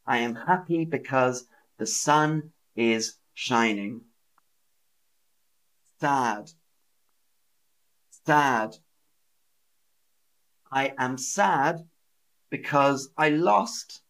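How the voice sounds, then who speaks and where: A man teaching English on a live stream, repeating words slowly and acting out feelings with sighs and gasps for learners. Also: mid-range voice, expressive, a bit bright. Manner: slow, exaggerated, repeats words and sentences for learners.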